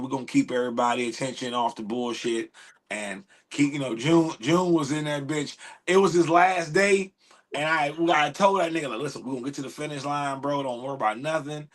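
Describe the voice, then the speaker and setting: A man hosting a casual podcast, animated and slangy, swearing freely. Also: on the high side. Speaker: podcast host.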